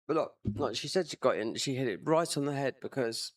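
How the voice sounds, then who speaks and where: A man talks casually while he streams a game, drifting from one tangent to another in a chatty, rambling way. His voice sits at a middling pitch, and game music plays clearly behind him. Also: animated, fairly quick, few pauses. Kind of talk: casual chat while gaming.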